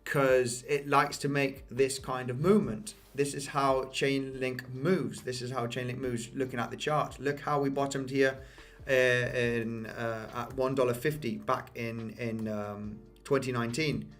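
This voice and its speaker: A man's voice: mid-range voice, level tone, measured pace, a bit bright, soft background music. A man giving casual market commentary over price charts, losing his voice, repeating himself and often asking "okay?". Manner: repetitive, addresses viewers as guys, frequent "okay?" and "you know". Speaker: crypto market analyst.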